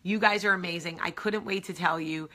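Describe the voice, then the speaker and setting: A middle-aged woman hosting her own vlog, telling a story in an excited, rambling way with many asides. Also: on the low side, a little fast. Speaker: vlog host. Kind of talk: casual chat to camera.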